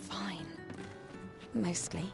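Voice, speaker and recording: An actress in her thirties playing a calm, resigned young woman in a game, reassuring softly, with soft music behind. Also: on the low side, drawn-out words, gravelly, exaggerated voice. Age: 30s. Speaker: game character.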